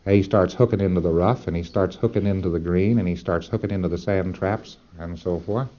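A man's voice: sits low, fairly quick, mellow, muffled recording. A man lecturing trainees in a folksy, emphatic way, with rhetorical asides to his listeners.

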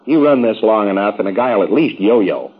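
Husky man lecturing on a lo-fi tape. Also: on the low side, animated, fairly quick. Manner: rambling, folksy, with wry asides. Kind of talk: informal lecture to trainees.

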